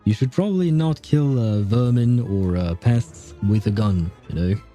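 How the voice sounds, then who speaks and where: A man's voice: on the low side, a little slow, soft background music. A man streaming a game, reading its lines aloud and chatting loosely with many fillers. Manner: relaxed, rambling commentary with frequent fillers.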